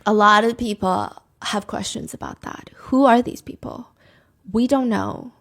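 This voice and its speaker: A woman's voice: mid-range voice, huge pitch swings, measured pace, fairly bright tone. A woman narrating a true crime story in a chatty, opinionated, casual storytime way. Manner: chatty, opinionated, acts out quotes.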